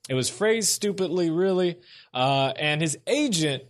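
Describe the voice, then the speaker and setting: A young man with a slightly higher voice hosts a solo sports commentary show. He speaks casually and thinks out loud. His delivery is opinionated. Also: expressive, unhurried.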